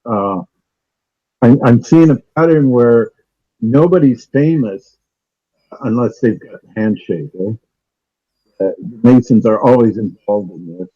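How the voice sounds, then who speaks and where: A man's voice: mid-range voice, measured pace, long pauses. Hesitant man on a muffled call. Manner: hesitant, many uh fillers and restarts. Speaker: guest on a call-in talk stream. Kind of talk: casual conspiracy talk. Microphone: remote call audio.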